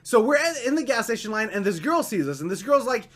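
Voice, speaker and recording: A young man casually telling a story, chatty and animated, filling his talk with "like" and "right?". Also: high-pitched, fast talker, few pauses.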